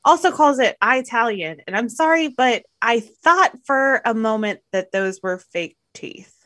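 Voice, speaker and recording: A woman's voice: on the high side, expressive, a little slow, a bit bright, dry recording. A woman co-hosting a casual movie review podcast, making wry, chatty asides. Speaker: podcast co-host.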